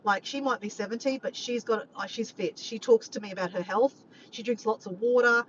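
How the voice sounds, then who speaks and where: A woman's voice: on the high side, fairly quick. A woman chatting casually to her vlog audience, rambling from point to point and swearing freely. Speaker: vlogger. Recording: dull lo-fi sound with faint background noise.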